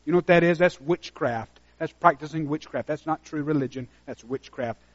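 A man preaching a sermon as pastor, dropping to a hushed intensity and then rising to loud, emphatic exhortation. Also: fairly high pitch, moderate pace. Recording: muffled lo-fi sermon recording.

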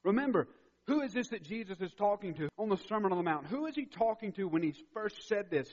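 A man's voice: sits high, expressive, fast. Emphatic male pastor in a reverberant hall. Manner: emphatic, repeats key phrases, builds in intensity. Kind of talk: sermon. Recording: dull recording with long hall reverb.

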